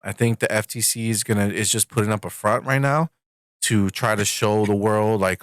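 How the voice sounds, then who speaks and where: A man co-hosting a casual gaming podcast, laying out his view in a measured, analytical way. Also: on the low side, fairly even intonation, clean tone, no echo, clean studio sound. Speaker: podcast co-host. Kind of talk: casual gaming news chat.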